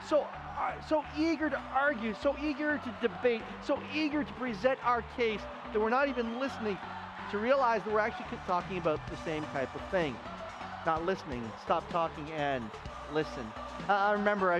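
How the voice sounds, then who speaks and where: A man, a pastor, preaching a sermon with emphatic repetition and frequent restarts. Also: very high-pitched. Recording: music bed under voice. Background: music playing underneath.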